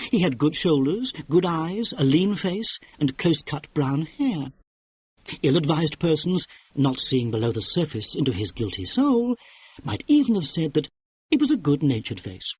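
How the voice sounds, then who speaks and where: A man narrates a classic mystery novel in a wry, expressive audiobook style. His voice is husky and set a little high, with a lively, wide-ranging melody. The recording is close and dry. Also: no echo.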